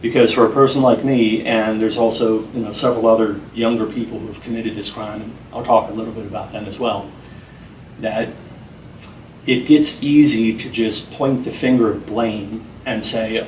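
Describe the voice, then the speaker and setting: A man being interviewed, speaking in an earnest, measured and heartfelt way. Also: fairly low pitch, steady tone, darkish tone, recorded from a distance, a little hiss or hum. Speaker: interview guest. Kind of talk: earnest, reflective interview talk. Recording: roomy sound from off-mic, faint music behind.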